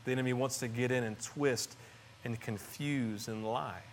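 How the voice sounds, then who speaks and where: A middle-aged man preaching a sermon in an earnest, conversational way, often restarting phrases and swinging between soft and loud. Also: mid-range voice, normal speed, slight background noise. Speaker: pastor.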